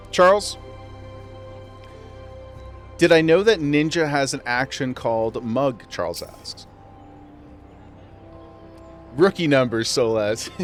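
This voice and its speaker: A man chatting live on a game stream, in a playful and easygoing way. He laughs often and talks straight to his viewers in a mid-range voice. Soft music plays faintly behind him. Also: medium pitch. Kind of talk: casual live-stream chat while gaming.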